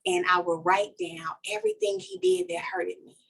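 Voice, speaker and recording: A woman, speaking as a coach on a podcast. She tells her story with energy and feeling, her voice rising high when she acts out what she said, and she talks straight to the listeners. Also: big pitch swings, normal speed, creaky, fairly bright tone, slightly rough. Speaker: podcast guest, life coach. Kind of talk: casual podcast conversation, personal testimony.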